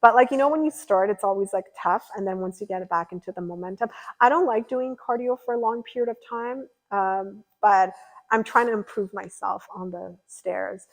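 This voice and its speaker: A young woman talking to her stream in a loose, rambling way, full of fillers and asides. She chats casually as she answers viewer comments, at an ordinary middle pitch. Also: moderate pace, low-quality recording. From California. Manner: chatty and rambling, lots of fillers. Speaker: livestreamer.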